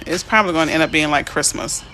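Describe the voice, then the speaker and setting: Realtor lady live streaming, answering chat, bright voice, birds chirping faintly behind. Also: sits low, quick pace, slight background noise. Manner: reads out and answers viewer comments; chatty, excitable, easily emotional.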